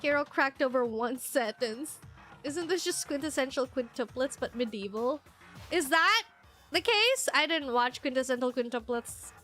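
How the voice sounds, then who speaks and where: A woman streaming a visual novel, chatting casually and reading the characters' lines aloud with lively, shrill put-on voices. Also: moderate pace, faint music behind.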